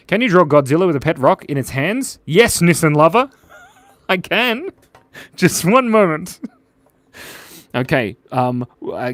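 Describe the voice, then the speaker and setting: A man's voice: a little high, no echo. A young man hosting a casual livestream, drawing requests and reading chat aloud in a playful, giggly way.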